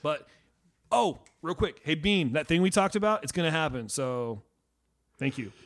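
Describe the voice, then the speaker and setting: A man's voice: a little high, expressive, moderate pace. A man hosting a podcast, rambling and swearing in casual, crude chat. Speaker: podcast host.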